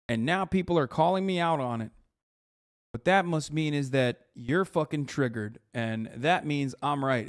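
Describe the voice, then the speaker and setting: A man's voice: on the high side, normal speed. A man in his thirties, a streamer reacting to clips with an exasperated, swearing rant. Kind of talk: casual reaction commentary.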